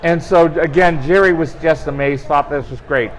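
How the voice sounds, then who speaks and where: A man telling animated, funny anecdotes in a casual chat, acting out quoted dialogue. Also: a little high, moderate pace, poor audio. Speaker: guest storyteller on team talk show. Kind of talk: casual storytelling.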